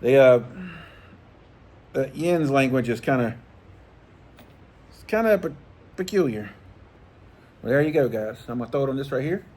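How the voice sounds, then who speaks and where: Middle-aged man, easygoing and profane, rambling casual vlog chat at mid pitch. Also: normal speed, pauses often, darkish tone. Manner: rambling, profane, laid-back, chuckling. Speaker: fishing channel host.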